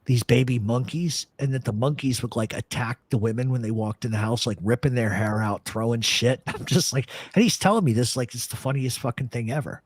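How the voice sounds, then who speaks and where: A man's voice: medium pitch, brisk, hardly any pauses, slightly rough, no echo. Male host, casual storyteller, profane and rambling, dry close sound. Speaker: podcast host.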